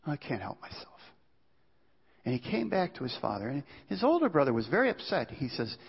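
A man preaching a sermon as pastor, earnest and pleading, often dropping to a hushed low voice. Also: sing-song, quick pace, gravelly, breathy edge. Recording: dull sound in a reverberant hall.

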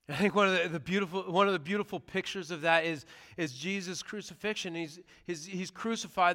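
Bright-voiced male pastor preaching in a reverberant church. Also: sits high. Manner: conversational, earnest preaching. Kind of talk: sermon. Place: church sanctuary.

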